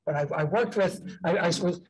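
Halting, careful name announcer at a meeting. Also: mid-range voice, slightly rough, poor audio. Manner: halting, self-correcting, careful over name pronunciation. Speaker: presenter at a school board meeting. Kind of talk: announcing student names at a public meeting.

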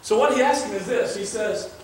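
A man's voice: high-pitched, fairly quick, slight background noise. A male pastor preaching a sermon in an earnest, conversational way, weaving in scripture readings. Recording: very echoey room, mic far off.

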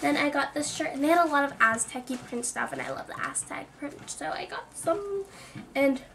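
A woman's voice: sits high, expressive, normal speed, gravelly, a bit bright. A young woman chatting casually in a clothing haul video, full of "like" and self-mocking asides. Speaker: vlogger.

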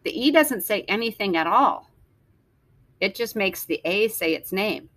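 A woman teacher slowly sounding out letters and words for young children in a phonics lesson. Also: medium pitch, animated, a bit bright, no room sound. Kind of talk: early-reading phonics lesson.

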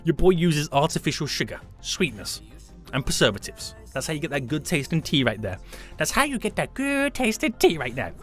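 A young man hosts a live game stream with hyped, joking energy. His pitch swings widely from phrase to phrase, and his tone is bright and forceful. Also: a little fast, soft background music. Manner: hyped, jokey, animated, greets chat members.

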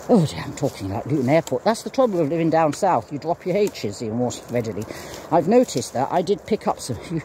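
A man's voice: fairly high pitch, big pitch swings, moderate pace, pauses often, mellow, a little hiss or hum. A man in his sixties rambling casually while walking his dog outdoors, drifting between topics and breaking off to talk to the dog. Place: outdoors in fields on a walk.

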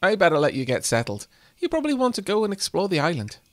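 A man voicing a doting, chatty elderly grandmother who fusses over her grandchild with rapid questions. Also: high-pitched, wildly swooping pitch, a bit bright, no room sound, studio quality, heavily acted.

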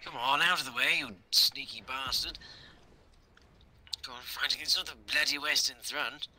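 Guy doing a hammy posh-officer bit over gameplay, very bright voice, swears a lot. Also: mid-range voice, steady tone, normal speed. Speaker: gaming commentator. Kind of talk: mock-posh gameplay banter.

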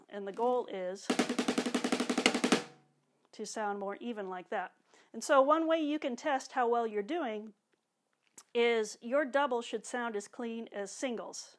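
Taking her time and pausing often, a woman with a fairly high voice gives an instructional drum demonstration over loud drumming. She explains patiently and clearly, occasionally making the drum sounds with her voice.

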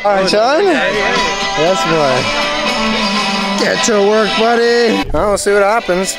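A man's voice: sits high, expressive, takes it slowly, loud music behind the voice. A man at an outdoor dirt jump spot, filming and joking with friends, cheering them on. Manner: hyped, joking, cheering others on. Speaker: BMX rider filming the session. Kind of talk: casual banter with friends.

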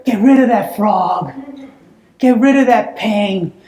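A woman preaching a sermon in a church, telling a personal story in an animated way that breaks into shouts and laughter. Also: mid-range voice, slow, echoey room. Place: church sanctuary.

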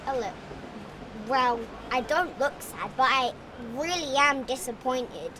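A person speaking in a mock-grumpy, deadpan way in a street interview. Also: sits high, a little slow, distant mic, noisy background.

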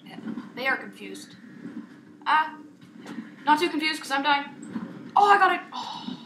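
Young woman, gaming commentary, excitable, self-mocking, echoey room. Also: high voice, unhurried. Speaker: gaming YouTuber. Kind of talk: casual gameplay commentary. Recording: echoey room with faint noise.

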